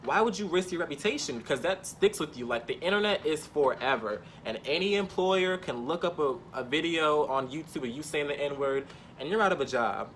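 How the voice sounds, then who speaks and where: A man's voice: fairly high pitch, lively intonation, fairly quick, fairly bright tone, a little hiss or hum. A man telling a personal story in an emphatic, impassioned way, repeating points for stress.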